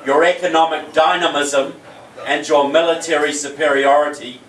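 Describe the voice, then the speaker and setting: A man with a New Zealand accent delivers a rally speech, trading light jokes for earnest points. His voice sits a little high and is picked up from some distance, ringing through a roomy hall over faint background murmur. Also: steady tone, moderate pace, a bit bright, a little hiss or hum. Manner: jokey, storytelling, earnest. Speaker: keynote speaker. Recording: echoey hall, voice from far off.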